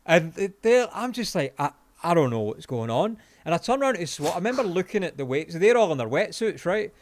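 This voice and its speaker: On a podcast, a Scottish co-host in his forties spins a long, sweary anecdote, laughing and animated throughout the casual chat. His voice is high-pitched and a little fast, and the recording is dry.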